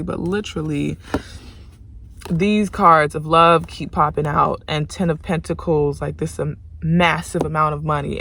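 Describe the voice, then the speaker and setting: A young woman, a tarot reader, venting to her viewers in a frustrated, profane rant, worn out and swinging from loud outbursts to low, tired muttering. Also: a little hiss or hum. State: exhausted.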